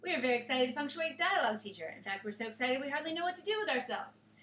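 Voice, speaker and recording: A woman's voice: high voice, big pitch swings, very fast, bright, forceful tone. A woman teacher giving a grammar lecture in a classroom, explaining step by step and checking in with her students. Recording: echoey classroom.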